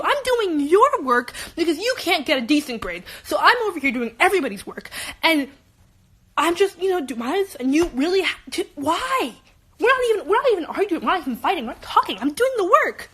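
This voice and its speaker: Teen girl, high voice, rants fast with lots of restarts, student venting. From Los Angeles. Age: teens. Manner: animated, rapid, many restarts. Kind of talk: emotional personal rant.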